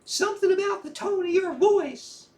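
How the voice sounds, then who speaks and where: An actress in an audio drama playing a blunt, teasing woman friend who has a soft side. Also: very high voice, moderate pace.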